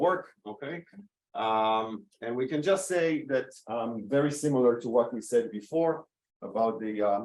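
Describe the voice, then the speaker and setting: A man giving an academic lecture at a conference, pausing with many "um"s, checking in with "okay?", and adding dry asides. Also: fairly low pitch, darkish tone, poor audio. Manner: lightly sarcastic asides. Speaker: academic speaker.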